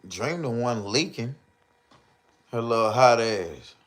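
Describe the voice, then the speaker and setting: A man with commentating a live stream, ranting and joking loudly with slang and mocking put-on voices. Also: mid-range voice, lively intonation, slow pace. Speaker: streamer reacting to videos.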